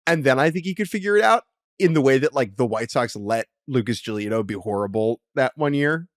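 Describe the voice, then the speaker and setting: A man's voice: medium pitch, animated, fairly quick, no echo, studio quality. A man co-hosting a casual sports podcast in a joking, laid-back way. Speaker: podcast co-host.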